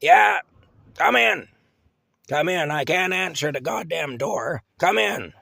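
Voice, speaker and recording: A man's voice: on the high side, expressive, slow, gravelly, dry recording, studio quality, voice pushed up, full character voice. A man putting on a cursing, half-blind old woman. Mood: gruff yelling. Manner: yelling, cursing, brusque. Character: crotchety nearly blind old woman, foul-mouthed and gruff.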